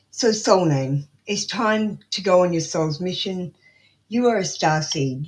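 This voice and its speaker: A woman's voice: on the low side, darkish tone, slightly rough, low-quality recording. A middle-aged woman with an Australian accent doing a live tarot reading, blunt, motherly and swearing freely. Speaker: tarot reader.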